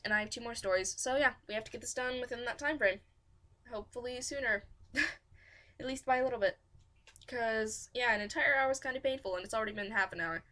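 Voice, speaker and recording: A woman hosts a fanfiction reading stream, serving as audiobook reader and offering rambling, self-deprecating casual commentary. Her voice is a little high with a sharp tone.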